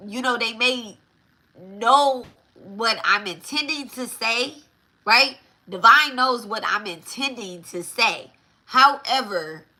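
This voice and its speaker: A woman's voice: a little high, bright, forceful tone. A woman hosting a spiritual talk show, teaching in a chatty, repetitive way and often checking in with her listeners with "right?". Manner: chatty, repeats herself, keeps asking "right?". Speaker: spiritual podcast host.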